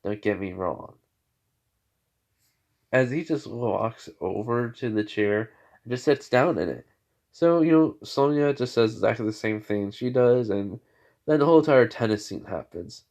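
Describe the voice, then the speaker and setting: A man's voice: medium pitch, lively intonation, moderate pace, darkish tone. A man narrating a homemade fan story off the cuff. He rambles, restarts and fills gaps with "you know" and "like.". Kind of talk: improvised spoken fan fiction.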